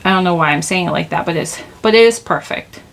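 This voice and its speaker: A woman's voice: on the low side, fast, vocal fry. A woman giving a casual tarot reading at home into a microphone, rambling and chatty, laughing at herself. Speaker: tarot reader. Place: home, indoors. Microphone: desk microphone.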